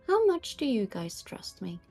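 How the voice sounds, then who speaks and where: A woman's voice: on the high side, sing-song, measured pace, a little mellow, soft background music. A woman player in a tabletop game, describing her moves casually.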